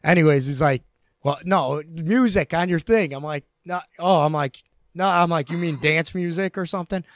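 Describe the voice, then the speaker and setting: A man's voice: on the high side, moderate pace, no room sound, clean studio sound. A man telling a casual story to friends in a laid-back, swearing way. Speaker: contestant.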